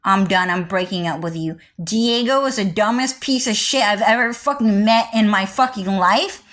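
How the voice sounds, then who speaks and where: A woman vlogger ranting in a rambling, heavily profane way, jumping from loud outbursts to low mutters. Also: moderate pace. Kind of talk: rambling livestream rant.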